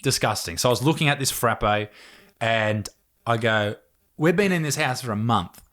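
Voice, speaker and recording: A young Australian man chatting on a podcast, his voice sitting at a middle pitch. He tells stories in a relaxed, sweary way and keeps breaking into laughter. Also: normal speed. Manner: laid-back storytelling, heavy swearing, laughing through the story. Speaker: podcast host. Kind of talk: casual chat.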